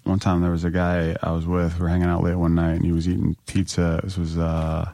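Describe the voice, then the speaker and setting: A man's voice: low-pitched, completely flat delivery, a little fast, creaky, warm tone, no room sound. A man hosting a casual conversation, easygoing and often laughing. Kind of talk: casual chat.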